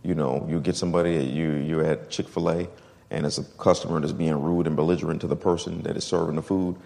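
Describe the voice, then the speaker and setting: A man pastor teaching a sermon, reading scripture slowly and stressing key words. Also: rumbling low, steady tone, vocal fry, mellow, in a large hall.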